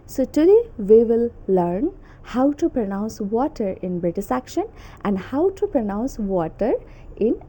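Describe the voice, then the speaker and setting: A woman's voice: a little high, dark tone. A young woman hosting her own English learning channel, chatting casually and a little nervously, often adding "okay?" and "like". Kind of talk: casual self-made pronunciation lesson.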